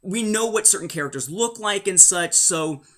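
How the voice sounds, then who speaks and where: A man's voice: high-pitched, expressive, moderate pace, a bit bright. A man hosting a casual spoken review, rambling along with dry jokes and asides. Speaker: host of a book and comic review show.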